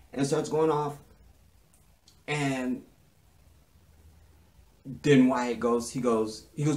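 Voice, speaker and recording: A man's voice: mid-range voice, measured pace, long pauses. A man giving a casual, profane recap to camera, acting out the dialogue with lots of energy. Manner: animated, profane, acts out the dialogue. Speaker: TV episode reviewer. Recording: echoey room.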